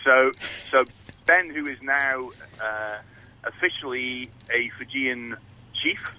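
A man's voice: mid-range voice, slow, pushed and bright, rough recording. A man talking casually as a guest on a morning radio show, hesitant with many fillers and restarts. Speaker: rugby guest.

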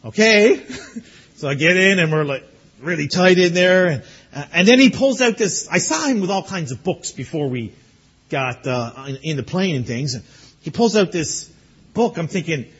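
A man's voice: fairly high pitch, lively intonation, brisk, a bit bright, slightly rough, muffled recording. A man preaching as pastor to graduates, telling a story with chuckles and then urging them earnestly. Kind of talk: sermon to graduates.

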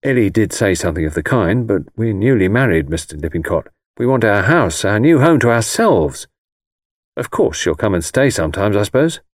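A man's voice: lowish voice, very animated, moderate pace, dry recording, studio quality. A man reading the part of a blunt, easygoing young newly married man in an audiobook, plain and direct. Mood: casual.

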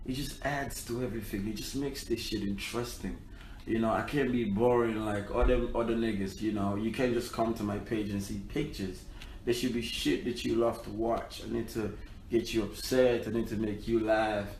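A man's voice: fairly low pitch, steady tone, moderate pace, darkish tone, echoey room, slight background noise. A man with a Nigerian accent, a musician giving brash, profane, playful advice in a casual vlog.

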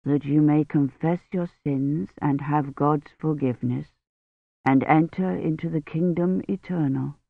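A reader voicing a gentle, solemn medieval priest who murmurs Latin prayers slowly. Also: mid-range voice, steady tone, gravelly, dry recording, pitched below the performer's own voice. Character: gentle solemn medieval male priest giving last rites. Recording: dry tinny phone-like audio.

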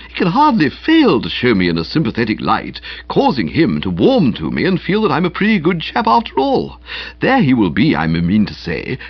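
A man voicing an eager, excitable young gentleman. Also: mid-range voice, slightly rough, no echo, highs cut off, voice pushed up. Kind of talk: audiobook character voice.

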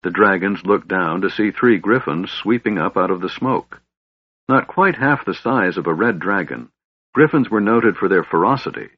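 A man's voice: sits low, normal speed, breathy edge, no room sound. A man narrating a fantasy audiobook expressively. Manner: expressive storytelling. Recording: dull lo-fi audiobook recording.

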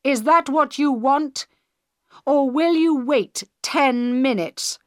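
A tense female prime minister gives orders in a crisis, read by a woman narrator. She speaks loudly and urgently, with a firm, commanding edge. The delivery is unhurried and deliberate. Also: medium pitch, very animated, no echo, clean studio sound, pitched above the performer's own voice.

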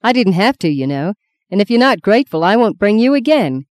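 A woman's voice: mid-range voice, very animated, brisk, a little mellow, no room sound, studio quality, voice pushed up, close to an everyday voice. A woman reading an audiobook, voicing a young husband who cajoles and sulks by turns. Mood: stiff. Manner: wheedling, then stiffly offended. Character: young male husband, coaxing and self-serving.

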